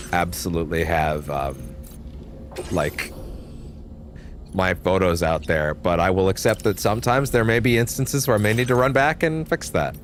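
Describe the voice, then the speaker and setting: A man's voice: sits low, slight background noise. A young man giving casual, rambling commentary while streaming a game, swearing offhandedly.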